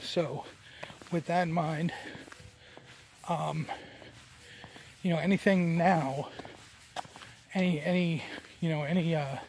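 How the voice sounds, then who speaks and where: Slow and creaky, with fairly even intonation and frequent pauses, a New Jersey man's fairly high, darkish voice narrates his outdoor walk to a handheld camera. A little hiss or hum sits under his rambling vlog, thick with fillers and restarts.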